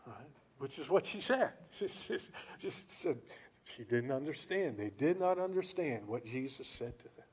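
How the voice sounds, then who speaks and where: A male preacher giving a sermon, telling stories in an animated way and asking rhetorical questions. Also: medium pitch, moderate pace, slightly rough.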